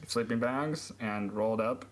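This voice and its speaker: A man's voice: mid-range voice, a little slow, low-quality recording. A man reading a friend's story aloud in a casual comic way, often laughing and tripping over lines. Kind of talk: comic read-aloud with put-on character voices.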